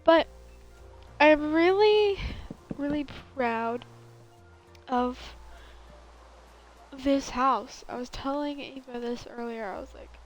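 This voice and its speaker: A woman's voice: high-pitched, slow pace, pauses often, faint music behind, low-quality recording. A young woman streaming a building game, chatting casually and rambling with lots of fillers in a valley girl lilt. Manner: rambling, filler-heavy, self-correcting. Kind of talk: casual chat while gaming.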